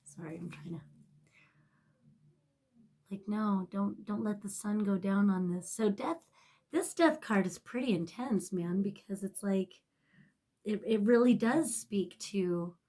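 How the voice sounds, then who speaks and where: A woman giving a casual tarot reading to camera. She rambles, swears freely and is emotional, often sinking to a soft near-whisper. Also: mid-range voice, unhurried. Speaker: tarot reader.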